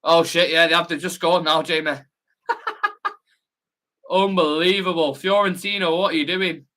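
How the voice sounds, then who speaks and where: A young man, hosting a football watch-along live stream, chatting excitedly, reading comments aloud and swearing casually. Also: a little high, moderate pace.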